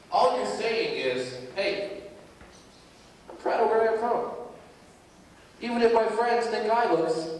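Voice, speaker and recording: A man's voice: high voice, distant mic, a little hiss or hum. Man speaking in an echoey gym. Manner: animated storytelling that addresses the crowd directly. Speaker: motivational speaker at a school assembly. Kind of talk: speech to a student audience. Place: large school gymnasium.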